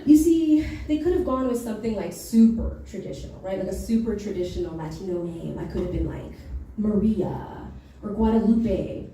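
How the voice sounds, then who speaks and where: A woman's voice: mid-range voice, normal speed, few pauses, warm tone, far from the mic, a little hiss or hum. A young woman from Nicaragua doing a stand-up set, chatty, losing her place and laughing at her own jokes. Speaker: stand-up comedian. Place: comedy club stage. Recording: echoey club recorded from afar.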